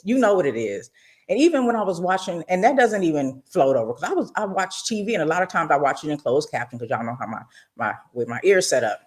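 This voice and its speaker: A middle-aged woman hosts a radio talk show, chatting casually and telling stories with lots of expression. Her voice sits fairly low, yet it swings widely up and down as she talks, and she keeps turning to her listeners with asides. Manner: animated, expressive storyteller with frequent asides to listeners.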